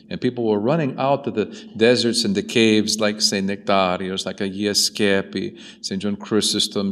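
Male preacher, lowish voice, animated storyteller, long church reverb. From Chicago. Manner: storytelling, animated, rhetorical questions. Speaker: priest. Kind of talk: sermon.

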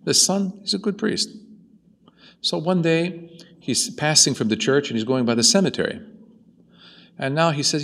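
A man's voice: lowish voice, fairly quick, gravelly. A man from Chicago preaching a sermon, telling stories with rhetorical questions. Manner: storytelling, animated, rhetorical questions. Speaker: priest. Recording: long hall reverb.

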